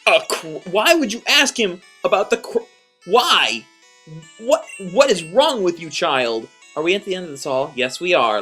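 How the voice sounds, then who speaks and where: A man's voice: medium pitch, bright, forceful tone. A young man hosting a let's play, rambling casually and exasperated, with lots of restarts. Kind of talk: casual gameplay commentary.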